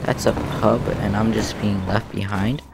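Slow-talking excitable male gamer. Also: on the low side, creaky, very noisy. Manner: excitable, blurting reactions. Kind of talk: let's play commentary.

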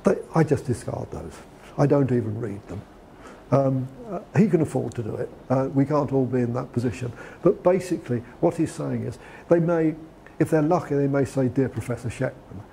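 A man delivers a lecture in a relaxed, conversational way, often restarting his sentences. His voice is gravelly and mellow, with a faint hiss of noise underneath. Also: medium pitch, normal speed. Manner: conversational with frequent restarts and fillers. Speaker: guest lecturer. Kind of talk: lecture on preparing a CV.

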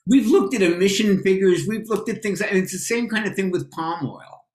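An opinionated man with a New York accent, speaking a little high for a man. He presses his points with emphasis, and the roomy recording echoes around him. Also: moderate pace. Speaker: podcast guest, nutrition expert. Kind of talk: casual podcast chat.

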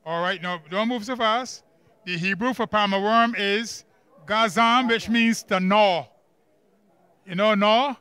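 A man with a Barbadian accent leading a church camp Bible workbook lesson, quizzing the class with quick questions and emphatic repeats. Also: high voice, sharp tone, smooth. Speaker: Bible study teacher.

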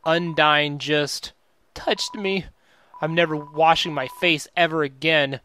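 A man giving casual gameplay commentary, reacting excitably, cursing often and reading on-screen game text aloud. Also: a little high, takes it slowly, a little hiss or hum. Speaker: let's play gamer. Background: game music.

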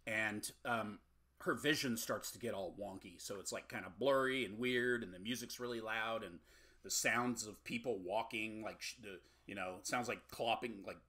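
A man co-hosts a casual podcast and rambles through a movie recap with dry jokes. His voice is husky, with a bright edge. He pads his lines with plenty of fillers. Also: lowish voice, normal speed. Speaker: podcast co-host.

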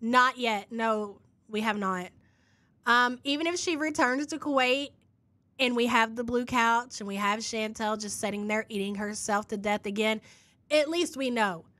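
A woman with a slightly high voice hosts a live reaction stream in casual commentary. She reads chat messages aloud and answers with dry sarcasm. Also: a little slow, bright, forceful tone. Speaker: commentary podcast host.

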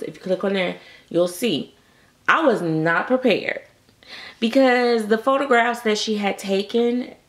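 A woman chatting casually to camera about her collectible dolls, animated and full of acted-out quotes. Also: fairly high pitch. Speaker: doll collector vlogger.

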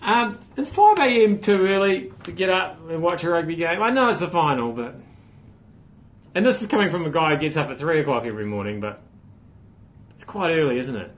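A man hosting a solo comic livestream, with wry deadpan asides and sudden loud outbursts. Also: fairly high pitch, fairly quick. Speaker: host. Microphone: phone camera.

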